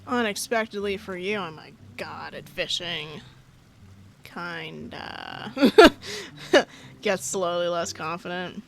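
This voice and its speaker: Excitable young woman gaming streamer. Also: fairly low pitch, slow pace, vocal fry. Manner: playful and excitable, laughs often, swears, yells at the game. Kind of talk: casual let's-play commentary reading game text aloud.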